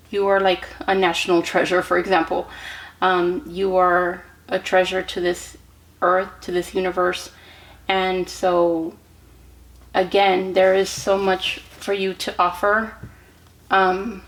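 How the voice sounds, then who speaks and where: A woman giving a tarot card reading straight to the viewer, gentle and encouraging, with many ums, restarts and checking "okay?" as she goes. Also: lowish voice, flat delivery, slow pace, pauses often, low-quality recording. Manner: speaks directly to the viewer with frequent "okay?".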